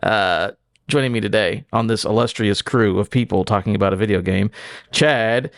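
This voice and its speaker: A man's voice: lowish voice, normal speed, no room sound. A man hosting a casual gaming podcast, cracking jokes and reading off facts. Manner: joking, then reads facts off notes. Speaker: podcast host.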